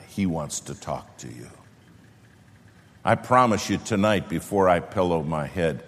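A man preaching a sermon, telling a story with lively acted-out dialogue and dropping to a slow, hushed voice to make a point. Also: low voice. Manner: animated storyteller who acts out both sides of a conversation; drops to a slow, hushed voice for emphasis. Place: church sanctuary. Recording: long reverb of a large hall.

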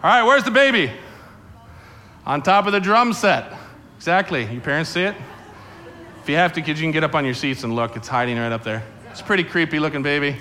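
A male pastor preaching a lively sermon in a church sanctuary, telling the story with acted-out voices and questions aimed at the kids. His voice is bright and forceful, sitting a bit high for a man. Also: fairly quick, a little hiss or hum. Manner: animated storyteller acting out voices, addressing kids. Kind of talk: sermon to a family congregation.

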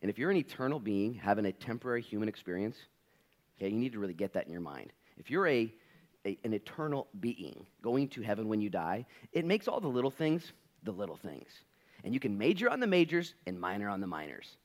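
A male pastor preaching a sermon in an animated, conversational and playful way. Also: lowish voice, a little fast.

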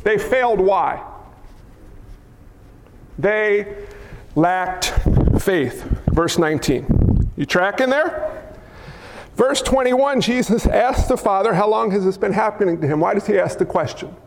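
A male pastor preaching a sermon in a church hall, wearing a mic, animated and acting out crowd cries and quoted lines. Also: high-pitched, unhurried, creaky, pauses often. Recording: long hall reverb.

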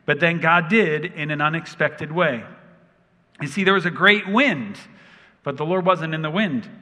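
A man's voice: a little high, a little slow, sharp tone. A man in his thirties preaching a sermon as a pastor, telling stories with humor and animation. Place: large church hall. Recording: long reverb of a big hall.

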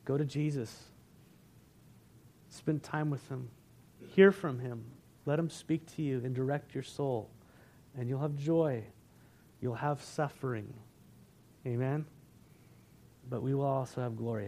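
A man preaching a sermon as pastor, earnest and building, then easing into a soft, reflective prayer. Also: mid-range voice, unhurried, pauses often. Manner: earnest preaching, rising and falling in intensity.

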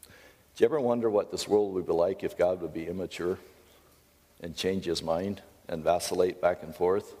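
A middle-aged American pastor giving a folksy, conversational sermon with storytelling asides. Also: male voice, low-pitched, fairly even intonation, normal speed, a little mellow, breathy edge, big-room sound.

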